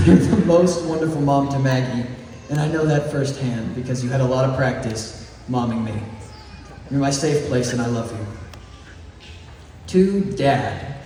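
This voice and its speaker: A man's voice: mid-range voice, mellow. A man of about eighteen giving a heartfelt, joking graduation speech as valedictorian. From East Texas. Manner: heartfelt, joking, slow deliberate phrasing with chuckles. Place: large echoey hall or gym. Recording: echoey hall from far off, faint noise.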